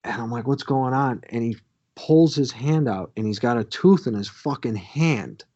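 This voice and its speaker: A man's voice: mid-range voice, moderate pace, warm tone, dull audio. A man co-hosting a podcast, telling a crude, swear-filled story from his youth in a casual way. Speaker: podcast co-host.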